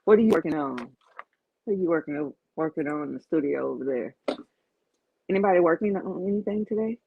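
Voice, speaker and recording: A woman's voice: low-pitched, lively intonation, fast talker, gravelly, husky. A woman with a Southern US accent hosting a casual crafting livestream, chatting and thanking viewers as she works. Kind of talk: casual live-stream chat. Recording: dull, dry, lo-fi stream audio.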